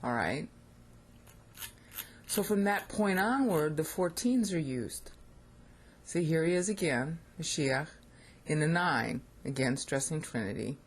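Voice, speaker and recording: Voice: medium pitch, expressive, takes it slowly, pauses often, slightly rough. An American Bible teacher giving an informal lecture on scripture, thinking aloud and checking in with listeners.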